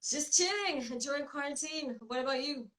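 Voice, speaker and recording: A woman rapper being interviewed over a video call, upbeat and chatty, quick to laugh, in her groggy morning voice. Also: sits high, fairly bright tone, rough recording. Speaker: rapper guest.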